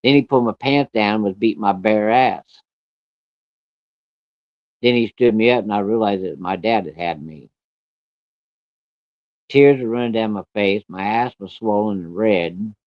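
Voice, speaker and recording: Low-voiced man telling a blunt story. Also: moderate pace, pauses often, no room sound. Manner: plain-spoken, blunt, cursing. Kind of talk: personal storytelling. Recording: dry, dull lo-fi recording.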